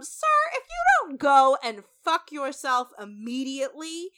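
A woman's voice: high-pitched, huge pitch swings, measured pace, few pauses, fairly bright tone. A woman co-hosting a podcast, chatting casually and emphatically about a reality show, swearing freely. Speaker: podcast co-host.

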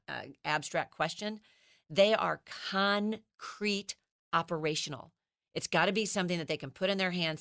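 A woman who teaches children's ministry, explaining child development as a guest in a podcast interview, animated and acting out how children talk. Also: deep voice, no echo, clean studio sound. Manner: animated, acts out children's voices.

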